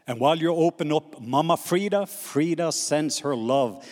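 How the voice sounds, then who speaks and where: A man with a Norwegian accent preaching a sermon, animated and calling on the congregation to repeat words back. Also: a little high, moderate pace, few pauses, big-room sound. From Norway. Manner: animated preaching with call-and-response prompts. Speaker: pastor.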